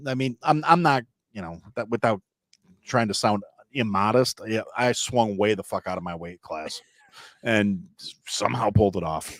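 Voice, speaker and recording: A man's voice: lowish voice, normal speed, dry recording, studio quality. A man in his thirties, a chef and podcast guest, telling profane, self-mocking stories in casual chat with frequent restarts. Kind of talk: casual storytelling.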